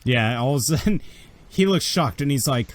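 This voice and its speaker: A man narrating as game master of a tabletop game, telling it in a lively way with frequent laughs. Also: medium pitch, moderate pace, background noise.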